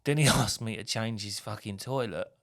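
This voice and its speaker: A man's voice: on the low side, moderate pace, fairly bright tone. A man, a tradesman swapping job stories in a casual podcast chat, swearing and laughing as he goes. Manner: swears freely, laughs through his stories.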